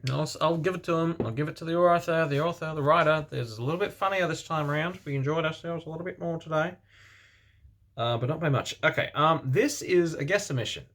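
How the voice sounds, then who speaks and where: A man reading fan fiction aloud for comedy, deadpan, with sarcastic asides. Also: a little high, quick pace.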